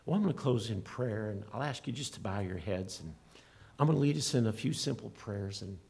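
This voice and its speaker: Gravelly, lively preaching man. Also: lowish voice, brisk. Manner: earnest, emphatic preaching with rising and falling delivery. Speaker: pastor. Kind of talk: sermon.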